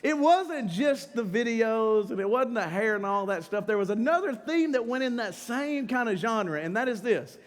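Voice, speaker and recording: A middle-aged male pastor giving a casual, humorous sermon, slangy and animated, talking straight to the crowd and breaking into shouts. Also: extremely high pitch, moderate pace, hardly any pauses. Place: church sanctuary during a live service. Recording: long church-hall reverb with faint music behind.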